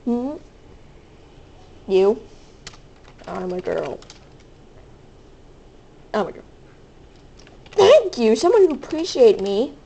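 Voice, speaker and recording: A high-pitched woman narrating her gameplay in a hyper, playful way, her voice leaping up and down wildly. She squeals between unhurried remarks. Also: sing-song, creaky, warm tone, breathy edge. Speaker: gaming video host. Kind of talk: excitable gameplay commentary.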